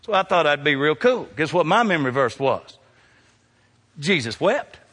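A man preaching a sermon, calling out questions to the congregation, his voice climbing high and loud, then sinking low and quiet. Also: big pitch swings, normal speed, husky, long reverb tail. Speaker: pastor.

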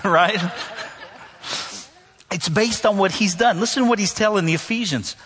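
A male pastor from the northern United States delivers a sermon with a slightly raised, husky voice. He keeps it conversational and wry, repeating key lines for emphasis. The sound carries a long reverb tail from a large church hall. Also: high voice, fairly quick, a bit bright. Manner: conversational preaching with humor and emphatic repetition. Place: church sanctuary.

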